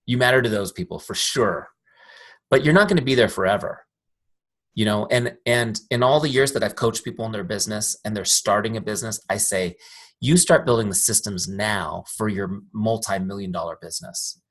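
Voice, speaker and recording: A man's voice: on the low side, moderate pace, a bit bright. A man giving a casual live training over a video call, telling stories and often checking that his listeners follow. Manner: chatty, storytelling, asks "make sense?" often. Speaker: software founder teaching a training.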